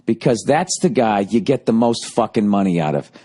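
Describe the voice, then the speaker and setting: A podcast host going solo reads ads while half-mocking them with profane, sarcastic asides, then drifts into a loose rant, casual and irreverent throughout. His voice is on the low side, dark and husky, with lively intonation at a moderate pace. It sounds hoarse and worn from nightly shows.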